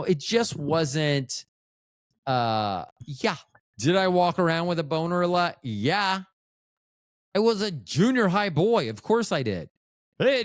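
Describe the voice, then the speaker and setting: A man in his fifties hosts a podcast and spins rambling, self-mocking stories, swearing freely. His pitch rises and falls in lively swings, and he sits slightly high for a man. The recording is close and dry. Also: no room sound. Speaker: podcast host. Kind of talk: casual storytelling monologue.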